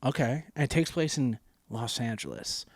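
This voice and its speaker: A man's voice: medium pitch, moderate pace, no room sound, clean studio sound. A man co-hosting a casual comedy podcast, riffing crudely with lots of profanity and voiced impressions. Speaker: podcast co-host.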